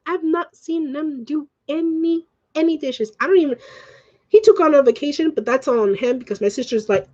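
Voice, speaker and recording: A woman vlogger ranting in casual chat, rambling and swearing, swinging quickly between feelings. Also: sits high, animated, dark tone, highs cut off. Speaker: live-streaming vlogger.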